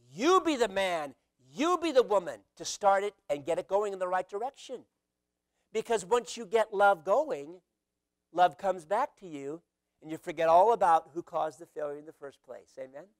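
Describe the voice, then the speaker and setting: Guy preaching a sermon, pretty high voice, lively, shouts out the quotes, dry close sound. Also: no room sound. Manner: animated preaching, acting out quotes with sudden loud shouts. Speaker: pastor.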